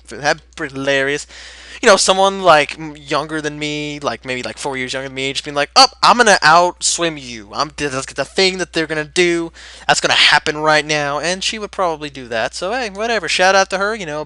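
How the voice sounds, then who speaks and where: Teen male Let's Play host, upbeat and rambling, a touch high-voiced, sharp bright tone, dry close sound. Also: dry recording. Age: late teens. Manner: energetic, rambling and chatty. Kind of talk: casual gameplay commentary.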